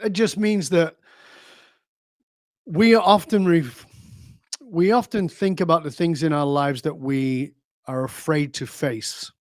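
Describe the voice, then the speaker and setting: A man's voice: on the high side, takes it slowly, long pauses, no room sound, studio quality. A man being interviewed as a leadership speaker, talking emphatically, telling stories and asking rhetorical questions. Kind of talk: conversational interview.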